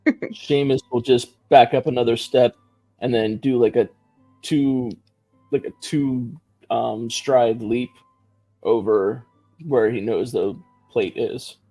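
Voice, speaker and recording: Man, tabletop player, dark husky voice, chatty. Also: medium pitch, steady tone, slow, no room sound, faint music behind, poor audio. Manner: chatty, laughs often, thinks aloud. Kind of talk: casual tabletop play.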